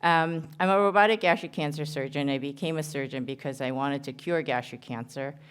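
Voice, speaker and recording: A woman's voice: low voice, a little fast, smooth. A woman surgeon with a New Jersey accent, giving an earnest conference talk with many ums and restarts. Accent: American, New Jersey. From Korea. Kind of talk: conference presentation.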